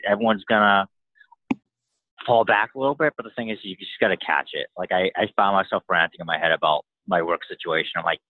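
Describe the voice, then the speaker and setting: A man calling into a coaching group, talking in a relaxed, reflective way. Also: low voice, fairly quick, no echo. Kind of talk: casual sharing on a call. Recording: tinny dry phone line.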